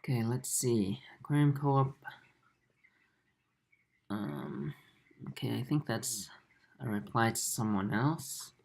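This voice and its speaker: A man in his twenties hosting a livestream, reading viewer comments aloud in a soft, halting way with many fillers. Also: mid-range voice, animated, gravelly. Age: 20s. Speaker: aquarium channel host.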